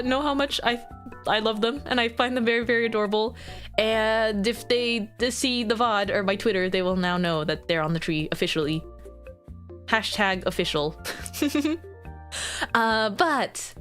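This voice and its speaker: Giggly streamer girl chatting away, voice bouncing up and down, little music playing low behind her. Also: fairly bright tone. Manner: bubbly and giggly, chatters and rambles. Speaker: VTuber streamer. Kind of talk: casual stream chat. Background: faint background music.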